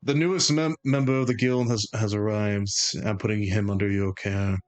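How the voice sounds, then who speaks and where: A man voicing a rude, brisk halfling woman who works as a guild secretary. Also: mid-range voice, animated, soft background music, pitched above the performer's own voice, natural voice. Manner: brisk, dismissive.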